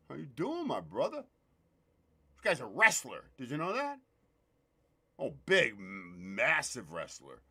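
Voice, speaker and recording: A man's voice: mid-range voice, sharp tone. A man hosting a loose live show, joking, swearing and greeting viewers by name. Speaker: show host. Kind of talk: casual live-stream chat.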